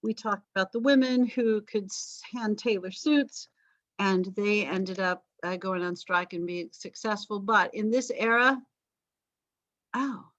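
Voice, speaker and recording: A woman's voice: medium pitch, measured pace, fairly bright tone. A woman, a history teacher, lecturing casually to her class with wry jokes, asides and laughs. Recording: dull lo-fi lecture recording.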